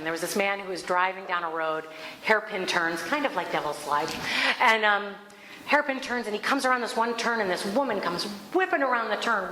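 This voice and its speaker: A woman host giving a spiritual reflection talk, telling stories in an animated way with laughter. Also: mid-range voice. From Alaska. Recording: echoey room, faint background noise.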